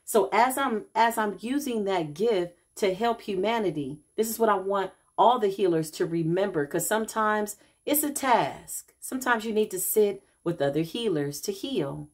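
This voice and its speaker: A woman's voice: medium pitch, lively intonation, moderate pace, hardly any pauses. A middle-aged woman, a self-described healer, telling a casual vlog story and acting out the people she quotes, calling viewers y'all.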